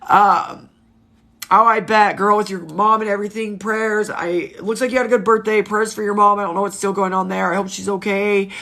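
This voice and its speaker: Woman, 30s, livestream host, bright voice, frank, emotional, swears casually, chats with viewers. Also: mid-range voice, steady tone, normal speed.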